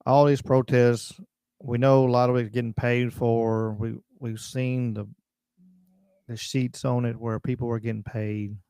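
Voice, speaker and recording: A man hosts a livestream chat in a gravelly, dark-toned voice. He talks bluntly and rambles from point to point, reading out viewer comments. The sound is close and dry. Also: medium pitch, flat delivery, a little slow, no room sound. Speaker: podcast host. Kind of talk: casual livestream talk.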